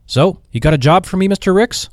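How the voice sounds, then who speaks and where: A man's voice: high voice, expressive, brisk, no room sound, studio quality, voice pushed up. A man reading aloud and voicing a cheerful, earnest young army veteran looking for work. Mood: eager.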